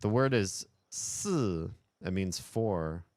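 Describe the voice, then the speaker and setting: Deep-voiced male streamer chatting casually. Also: slow pace, no echo. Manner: animated, chatty, frequent laughter and swearing. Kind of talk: casual livestream chat.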